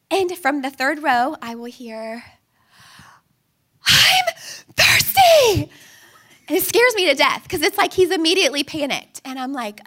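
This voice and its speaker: A woman in her thirties delivers a sermon in a high voice. She talks in a casual, story-driven way and acts out family scenes with rising energy. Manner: animated storytelling, acting out a child and her own pleading. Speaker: speaker.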